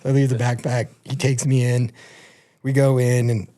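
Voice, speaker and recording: A man talking casually as a podcast guest, animated and loose, peppering his story with swearing. He jumps up into a higher, louder voice whenever he quotes someone. His pitch sits in an ordinary middle range. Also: moderate pace. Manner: animated, profane, acts out quotes in a raised voice.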